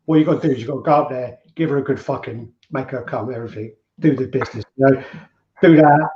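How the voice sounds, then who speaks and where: A man's voice: mid-range voice, fast talker, roomy sound, lo-fi sound, a little hiss or hum, lightly acted. A man voicing a cheerful male pub barman as he tells a joke. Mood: joking. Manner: chatty storytelling.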